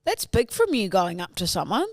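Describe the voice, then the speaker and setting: A woman's voice: medium pitch, huge pitch swings, creaky, no echo, studio quality. Chatty woman co-host. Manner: chatty, quick to jump in. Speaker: podcast co-host. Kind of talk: casual chat.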